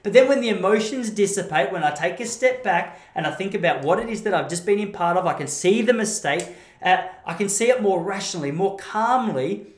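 A man's voice: high voice, expressive, fairly quick. An Australian man giving a blunt, rambling, opinionated monologue and often correcting himself. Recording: roomy echo.

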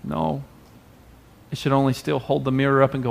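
A man delivers a sermon to his congregation in an expressive, conversational preaching style. His voice sits at an average pitch for a man. He now and then acts out the people he quotes. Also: brisk, creaky. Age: adult parent. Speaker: pastor.

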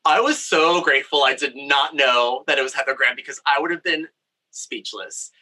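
A man's voice: medium pitch, moderate pace, bright, forceful tone, low-quality recording. A young man from Brazil, a storyteller with a campy, candid, playful way of talking, recording in a home craft studio. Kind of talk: personal storytelling.

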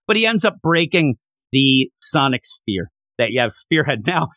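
A young adult man casually recapping a comic, chatty and excitable, laughing often. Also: medium pitch, moderate pace, dry recording, studio quality. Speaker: comic book reviewer.

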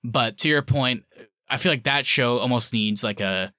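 A man's voice: medium pitch, normal speed, sharp tone, dry recording, studio quality. A man co-hosting a casual fan discussion podcast, chatty and rambling, with lots of fillers. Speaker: podcast co-host.

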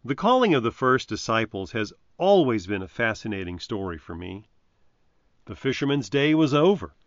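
Guy reading a devotional reflection, slow and reverent, mid-pitched, dry dull recording. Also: sing-song, no echo. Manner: measured, reverent reading with emphatic quotes. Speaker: preacher.

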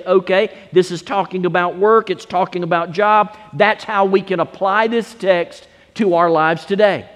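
A man preaching a sermon as pastor, stressing key words with slow, deliberate emphasis. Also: sits high. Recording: long hall reverb.

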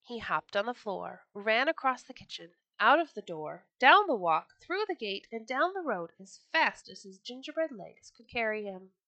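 Bright-voiced woman reading a storybook. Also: a little high, moderate pace, few pauses, no echo, muffled recording. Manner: expressive, lively reading. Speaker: storyteller, podcast host.

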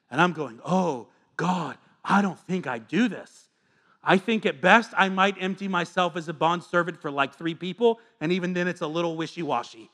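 A man in his thirties preaching a sermon as a pastor, earnest and confessional, moving between hushed asides and fervent appeals. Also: on the high side, a little fast.

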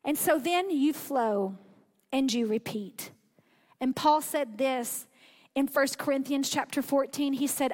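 A woman preaching a sermon in a conversational, animated way, acting out the inner voices of her listeners. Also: high voice, unhurried.

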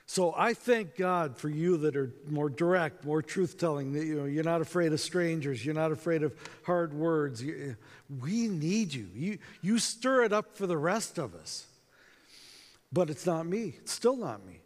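A man giving a storytelling talk to a conference audience, acting out dialogue in an animated way, with reverb from a hall. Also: fairly high pitch, unhurried. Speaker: conference speaker.

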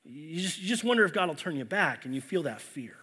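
A man preaching a sermon in a church with a bright, forceful voice pitched a bit high. He tells his story earnestly, often restarting his phrases. He sounds a little unwell. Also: sing-song, fast talker, breathy edge. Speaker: pastor.

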